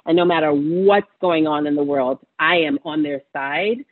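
A woman's voice: low voice, moderate pace, narrow, tinny audio. A woman physician answering an interview question, teary and passionate, speaking with encouraging conviction. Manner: passionate, warm-hearted, preaching encouragement. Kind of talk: interview answer, emotional testimony.

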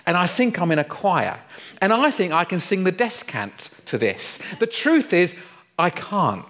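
A middle-aged man delivers a light-hearted sermon in a fairly high voice. He tells stories with playful, self-mocking humour. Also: sing-song, unhurried, a bit bright. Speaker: pastor. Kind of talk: humorous sermon.

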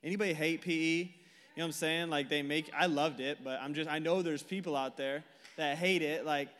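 A man's voice: on the high side, steady tone, fairly quick, a bit bright. A man in his twenties giving a casual youth sermon on a stage mic, chatty and joking, full of fillers and questions to the crowd. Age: 20s. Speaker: youth pastor. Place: church hall, speaking to a live group. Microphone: handheld or stage mic. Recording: long hall reverb.

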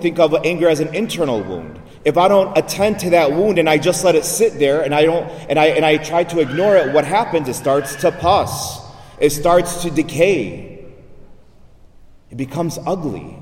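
A priest with a fairly high-pitched, darkish voice gives a sermon in a conversational preaching style, making frequent rhetorical asides. He was recorded in an echoey church hall and sounds far from the microphone.

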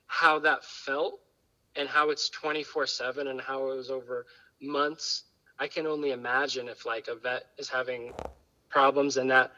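A man's voice: medium pitch, little pitch movement, normal speed, sharp tone, highs cut off. A man chatting candidly as a podcast guest, rambling and full of fillers. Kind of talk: casual chat.

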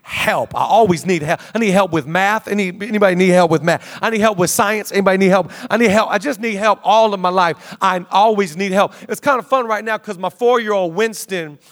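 Male pastor, 30s, higher voice, casual sermon with quick jokey asides. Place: large church auditorium.

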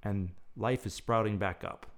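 A man hosting his own show, speaking in a reflective, lyrical monologue with thoughtful pauses. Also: lowish voice. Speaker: podcast host.

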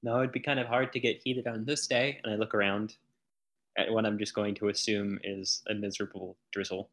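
A man's voice: lowish voice, little pitch movement, fairly quick, fairly bright tone. A man playing in a tabletop game, casual and blunt, talking plainly about his character's moves. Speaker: player. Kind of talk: casual tabletop role-play.

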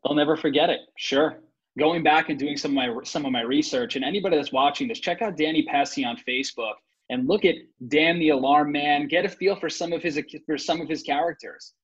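A man with a husky, slightly raspy voice hosts an interview, speaking earnestly and turning to the viewers. The recording sounds dull and lo-fi, as if the top end has been cut off. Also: fairly high pitch, fairly quick. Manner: earnest, addresses viewers directly. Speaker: podcast host. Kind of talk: interview hosting.

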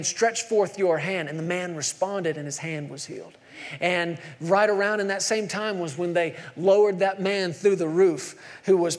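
Casting note: high-pitched male preacher, lively storyteller who acts out every quote. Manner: animated storytelling, acting out quotes. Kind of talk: sermon.

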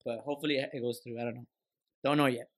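A man's voice: medium pitch, fairly even intonation, fast talker. A man hosting a podcast, telling stories in a rambling, slangy, profane way over a studio mic. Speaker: podcast host. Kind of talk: casual podcast chat.

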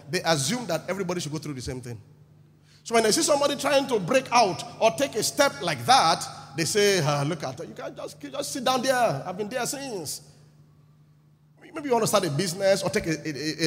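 A man's voice: high voice, a bit bright. A man preaching a sermon, who acts out the crowd and keeps putting questions to the congregation. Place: church hall. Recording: echoey hall with long reverb.

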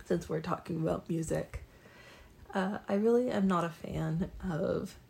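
A woman's voice: on the low side, a little slow, warm tone, a little hiss or hum. A young woman talking casually to the camera as a vlogger, rambling and self-deprecating with lots of ums and restarts. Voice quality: raspy, creaky. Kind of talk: casual monologue.

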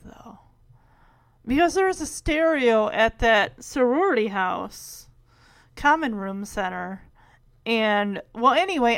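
A woman's voice: a little high, fairly bright tone. A woman casually recapping a sitcom episode, rambling and correcting herself with many asides. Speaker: show recap host.

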